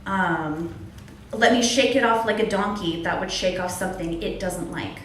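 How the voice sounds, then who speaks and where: Young woman at an open mic doing candid spoken word; recorded from afar in a booming room. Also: normal speed, a little hiss or hum. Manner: earnest, candid, with wry humor. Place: small club at an open mic. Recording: distant echoey room recording.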